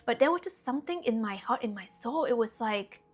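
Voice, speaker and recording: A woman's voice: on the high side, animated, brisk, husky, faint music behind. A woman spiritual coach talking casually to her viewers, earnest and chatty, often adding "you know" and "okay?". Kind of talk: casual spiritual talk to camera.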